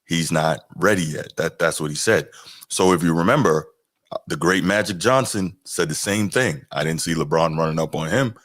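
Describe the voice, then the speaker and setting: A man hosting a podcast, reacting to clips in a relaxed, chatty way with fillers. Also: deep voice, moderate pace, no room sound, clean studio sound. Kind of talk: casual commentary.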